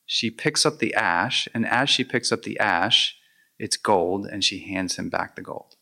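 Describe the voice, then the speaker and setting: Meditation teacher, male, low voice but forceful tone, reflective storyteller. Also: unhurried, creaky. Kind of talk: dharma talk.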